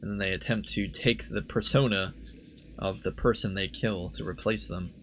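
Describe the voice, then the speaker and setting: A young man chatting casually over his gameplay into a desk microphone. He rambles and second-guesses himself out loud, often breaking into a laugh. A faint hiss sits under the voice. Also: on the low side, fairly even intonation, moderate pace. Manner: rambling, self-questioning, laughs easily. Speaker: let's play host. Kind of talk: casual game commentary.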